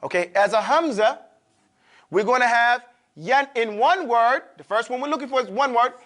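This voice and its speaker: A man's voice: very high-pitched, normal speed, a bit bright. A man teaching Quran recitation to a class, drilling pronunciation and checking in often. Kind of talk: classroom lesson.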